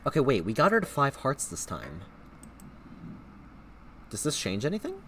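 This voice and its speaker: A man's voice: medium pitch, wildly swooping pitch, moderate pace, bright, forceful tone, slight background noise. A man streaming a visual novel, reading it aloud and reacting with swears and laughter.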